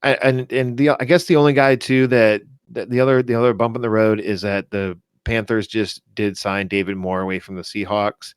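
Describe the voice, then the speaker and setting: A man's voice: lowish voice, steady tone, normal speed, few pauses, clean tone, no room sound, clean studio sound. A man co-hosting a fantasy football podcast, talking casually with many restarts and self-corrections. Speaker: podcast co-host.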